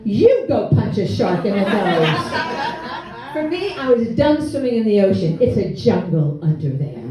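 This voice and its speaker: A woman's voice: mid-range voice, very animated, measured pace, crowd noise. A woman in her sixties telling a humorous, self-deprecating story at a live storytelling event. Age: 60s. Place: hall with an audience. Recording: echoey room, mic from far off.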